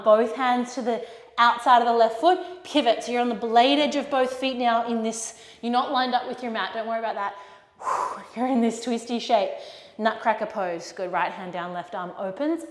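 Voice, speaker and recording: A woman leading a yoga class, giving gentle, encouraging cues for poses and breaths. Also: a little high, normal speed. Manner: gentle encouraging cues, calls students "my friends" and "yogis". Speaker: yoga instructor. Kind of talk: guided yoga class instruction. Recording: echoey room with long reverb.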